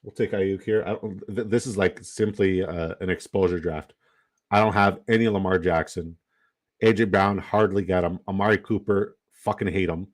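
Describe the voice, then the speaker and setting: A man's voice: sits low, fairly even intonation, moderate pace. A man giving casual livestream commentary while drafting, reading the chat aloud and swearing casually. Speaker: fantasy football draft streamer.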